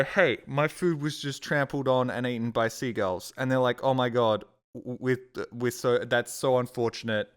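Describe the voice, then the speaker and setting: A man's voice: medium pitch, normal speed, hardly any pauses, clean tone. Swearing, ranting man. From Australia. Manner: swears often, ranting, exasperated. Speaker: streamer. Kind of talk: casual storytelling rant.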